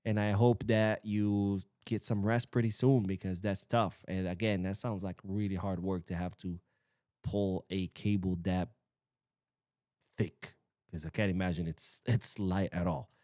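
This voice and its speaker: A young man hosting a casual livestream, reading chat comments aloud and swearing freely in an animated way. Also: low voice, a little slow, dry recording, studio quality. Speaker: livestream host. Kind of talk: casual live-stream chat.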